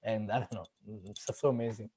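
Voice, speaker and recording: A man hosting a casual chat, telling personal stories haltingly, often searching for words and restarting. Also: fairly low pitch, steady tone, dark tone, slight background noise, poor audio. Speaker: podcast host.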